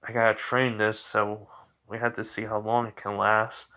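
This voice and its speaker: A man voicing an eager teenage boy hero, talking in a casual, halting way with many fillers. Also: fairly low pitch, little pitch movement, pushed and bright.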